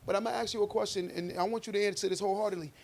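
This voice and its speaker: Man, high-pitched, gravelly, podcast debate, preachy, emphatic. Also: fairly even intonation, racing. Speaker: podcast co-host. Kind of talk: casual debate chat.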